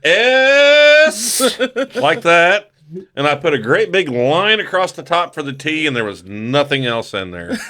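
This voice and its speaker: Guy w a bright punchy voice telling a drunk story on a podcast, keeps cracking up. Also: medium pitch. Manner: laughs through his own story, swears freely. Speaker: podcast guest. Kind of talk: casual storytelling.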